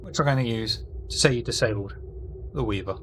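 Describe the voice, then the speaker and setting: A man serving as game master for a sci-fi tabletop session, speaking at an ordinary middle pitch. He calls out difficulties and dice results in a relaxed tone. He narrates what the enemy ships do while he reasons it out aloud. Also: fairly quick, a little hiss or hum.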